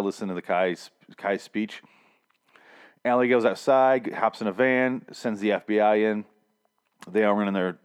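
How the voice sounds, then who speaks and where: A man casually recapping a TV episode, rambling and swearing freely as he acts out the characters' lines. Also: lowish voice. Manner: profane, rambling, quick to act out characters' lines.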